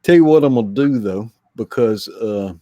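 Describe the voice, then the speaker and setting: A man co-hosts a casual livestream, relaxed and teasing as he reads out viewer comments. His voice sits in an ordinary middle register, and the room is dry with no echo. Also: mid-range voice, normal speed. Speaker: livestream co-host.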